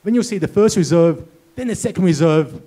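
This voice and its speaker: A man's voice: sits high, expressive, fairly quick, warm tone, husky. A man giving a storytelling keynote speech, acting out dialogue and sound effects as he goes. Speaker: keynote speaker. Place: conference hall with audience.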